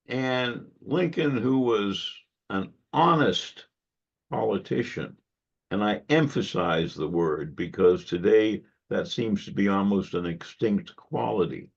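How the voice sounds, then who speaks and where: A man giving a history lecture to a club audience, measured and given to wry asides. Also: mid-range voice, vocal fry, slightly rough. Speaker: guest lecturer. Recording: dull lo-fi recording.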